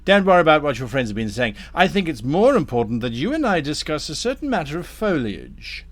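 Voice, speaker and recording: A man voicing a smooth, polite devil who offers scheming deals in a tabletop game. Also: a little high, sing-song, fairly quick, no room sound. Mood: persuasive. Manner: polite, silky, persuasive.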